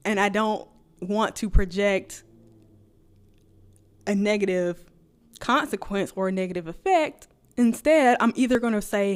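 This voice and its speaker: A woman vlogger chatting casually to camera, talking fast and rambling, laughing often, energized on caffeine. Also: medium pitch, clean tone.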